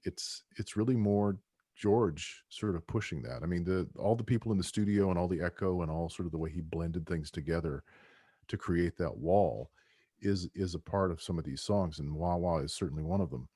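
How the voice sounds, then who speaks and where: Man, book co-author, deep husky voice, dry close sound, rambling podcast chat. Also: normal speed, mellow, no echo. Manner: rambling, with many restarts and "you know". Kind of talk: casual podcast conversation.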